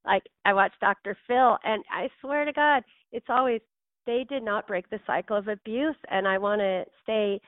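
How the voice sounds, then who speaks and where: A woman's voice: mid-range voice, normal speed, dry recording, narrow, tinny audio. A woman author, a guest on a podcast interview, telling her story in a heartfelt, emotional way.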